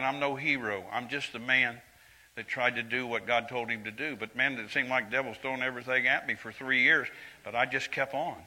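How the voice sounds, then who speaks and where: A man in his seventies preaches a sermon in church with an earnest, conversational tone, dropping to quiet confiding asides and rising to loud emphatic lines. His voice is medium-pitched, and the recording is rough.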